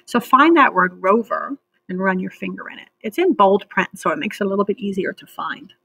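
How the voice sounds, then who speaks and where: A woman teacher leading an online reading lesson for children, speaking patiently and clearly and stretching out words so children can clap the syllables. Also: mid-range voice, expressive, a little fast, fairly bright tone, dry recording.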